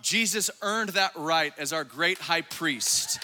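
A man preaching a fiery, exuberant sermon, at times shouting and laughing. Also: on the high side, takes it slowly, faint music behind. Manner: acts out quoted voices in his preaching.

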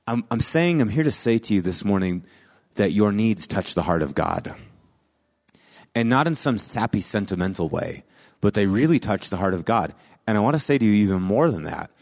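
A pastor preaching a sermon in a conversational way, building to emphatic peaks. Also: male voice, fairly low pitch.

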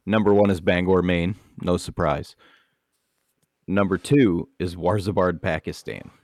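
A man's voice: sits low, fairly even intonation, unhurried, a little mellow, no echo, studio quality. A man co-hosting a podcast in casual chat, blunt and crude with jokes. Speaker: podcast co-host.

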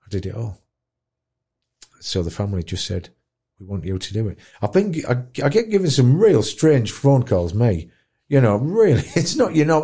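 A man telling an emotional story, animated and dropping to a hush at tender moments. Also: medium pitch, normal speed, slightly rough. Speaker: guest musician in care.

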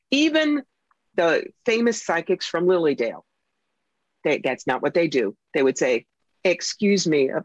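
A woman psychic and author telling stories in a casual interview, animated and acting out the voices of the people she quotes. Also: deep voice, no echo. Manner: animated storyteller who acts out quoted voices. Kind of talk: casual interview talk, storytelling. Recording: dull lo-fi recording.

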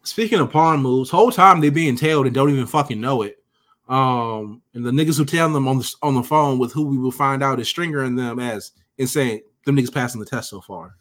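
A man's voice: mid-range voice, fairly quick, a bit bright. A man co-hosting a podcast, casually recapping scenes in a profane, joking way. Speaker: podcast co-host.

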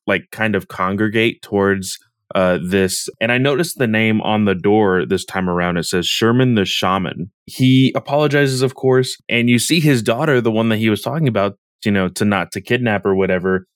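A man co-hosting a podcast, recapping a comic chapter in a relaxed, casual way, full of fillers and hedges. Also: on the low side, moderate pace, no echo, studio quality. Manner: relaxed, with filler words and hedges like "kind of" and "or whatever". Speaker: podcast co-host.

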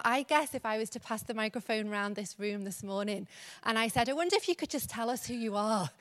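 A woman's voice: on the high side, a bit bright. A woman preaching a church sermon in a conversational way, with laughing asides. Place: church service.

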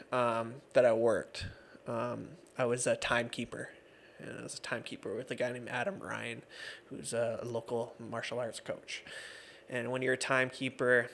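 A man's voice: medium pitch, creaky, fairly bright tone. A man in his thirties, a guest on an interview show, telling stories in a chatty, laughing way with lots of fillers. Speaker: guest, MMA referee and judge. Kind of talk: casual interview storytelling.

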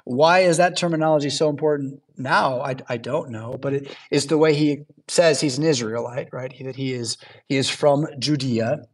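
A man's voice: medium pitch, fairly even intonation, moderate pace, few pauses, breathy edge. A man preaching a sermon in a church in a conversational way, often checking in with his listeners. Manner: chatty asides, checks in with "right?" and "yeah?". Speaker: pastor.

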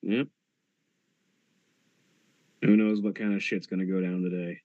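Low-voiced man with calm, dry teasing. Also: unhurried, dry recording, dull audio. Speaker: tabletop role-play player. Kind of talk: in-character tabletop role-play with narration.

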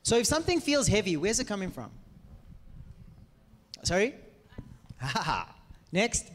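A man preaching to a congregation, energetic and playful, asking the audience questions. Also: sits high, slow. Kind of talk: teaching sermon to a congregation. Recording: reverberant hall.

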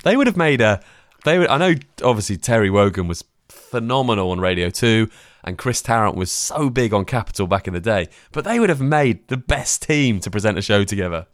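A man co-hosting a podcast in relaxed, rambling chat. His pitch moves a lot as he gets excited. The recording is dry and close. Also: a little fast, no echo. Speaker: podcast co-host. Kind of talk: casual chat.

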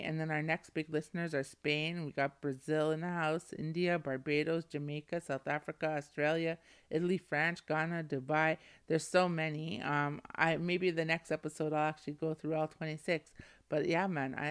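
A woman's voice: sits low, clean tone. A woman hosting her own podcast, giving heartfelt thanks and affirmations in an effusive, affirming way. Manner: effusive, affirming, full of thanks and shout-outs. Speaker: podcast host. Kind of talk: solo podcast sign-off.

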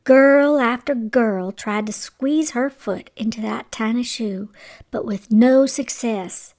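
A woman hosting a children's radio show, telling a bedtime story gently and sometimes dropping to a whisper. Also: a little high, slow pace.

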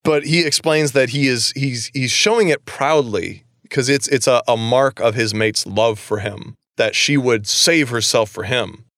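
A man's voice: medium pitch, measured pace, few pauses, fairly bright tone, dry recording, studio quality. A man co-hosting a podcast, recapping a book in casual chat; he rambles, laughs and swears casually.

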